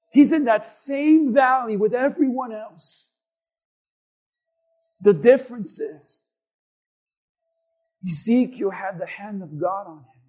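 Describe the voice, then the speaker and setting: High-voiced impassioned male preacher. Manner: impassioned, emphatic, swings between quiet and shouting, rhetorical questions. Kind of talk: sermon.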